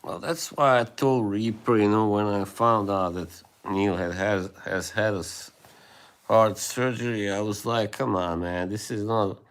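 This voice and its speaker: A man hosting a livestream, chatting casually with viewers in a rambling, hesitant way with many fillers and soft laughs. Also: on the low side, measured pace, clear, resonant tone. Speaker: livestream host.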